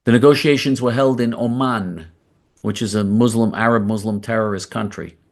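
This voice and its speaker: A man's voice: lowish voice, normal speed. A man hosting a political commentary monologue, blunt and combative, repeating phrases for emphasis. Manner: emphatic and repetitive, doubling phrases for stress. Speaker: host of a political commentary show.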